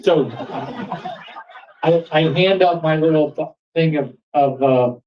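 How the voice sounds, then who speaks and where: A man telling a true story at a live storytelling event in a pub, animated and building excitement. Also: fairly high pitch, slow pace, distant mic, highs cut off, a little hiss or hum. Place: pub stage before an audience.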